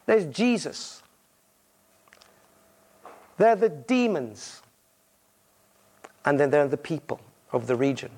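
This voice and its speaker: Male visiting preacher with a high, lively delivery, storytelling and playing out the characters' lines. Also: takes it slowly, pauses often. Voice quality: married. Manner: animated storytelling, acting out voices in quotes. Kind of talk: sermon.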